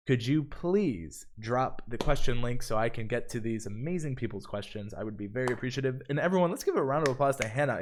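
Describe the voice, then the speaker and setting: A man hosting a live stream tutorial, upbeat, reading viewer comments aloud between explanations. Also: medium pitch. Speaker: livestream host. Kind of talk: live stream tutorial with chat shout-outs.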